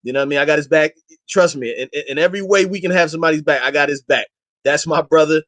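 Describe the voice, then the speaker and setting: A man's voice: fairly high pitch, fast talker, a bit bright. A man talking as a guest in a casual interview, impassioned and emphatic, urging his listeners in slangy, everyday speech.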